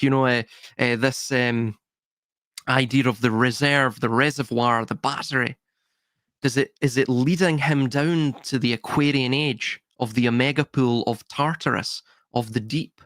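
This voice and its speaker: A man's voice: medium pitch, a bit bright, dry recording. Man musing in rhetorical questions, dry sound. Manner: philosophical, tosses out rhetorical questions. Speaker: guest. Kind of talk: casual podcast discussion.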